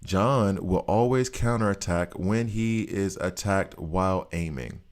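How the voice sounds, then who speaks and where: A man with a low voice walks through a mobile game character in a loose, rambling way. He sounds short on sleep, and a Southern twang creeps into his casual commentary. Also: a little slow. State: tired. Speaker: mobile game guide host.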